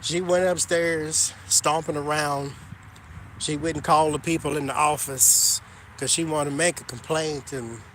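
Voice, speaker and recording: A man telling a story to his viewers in an animated, gossipy and emphatic way. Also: a little high, a little hiss or hum. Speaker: vlogger. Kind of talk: casual storytelling to camera.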